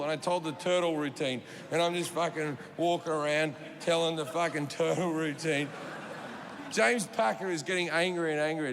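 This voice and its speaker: Aussie guy doing stand-up, high gravelly voice, sweary rambling story, long echo in a big venue. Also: normal speed, fairly bright tone. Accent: Australian. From Australia. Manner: profane, rambling anecdotes with acted-out quotes. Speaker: stand-up comedian. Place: comedy stage before a live audience. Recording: reverberant live venue with audience noise.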